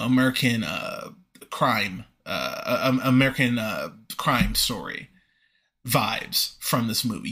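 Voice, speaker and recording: A man hosting a movie review podcast, talking casually with frequent pauses and restarts. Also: medium pitch, a bit bright, slightly rough. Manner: conversational, frequent fillers and restarts. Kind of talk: casual spoken film review.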